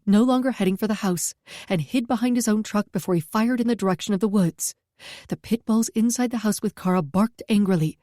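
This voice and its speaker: A woman reading a first-person story aloud at a steady pace, close to the mic. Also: mid-range voice, no echo. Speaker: audiobook narrator.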